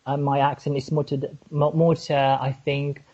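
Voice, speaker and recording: A woman's voice: sits low, little pitch movement, moderate pace, mellow, breathy edge. A woman speaking with a contemporary British RP accent, co-hosting a casual podcast conversation in an earnest way and searching for her words. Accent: contemporary British RP, learned. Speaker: co-host. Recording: slightly muffled, lo-fi.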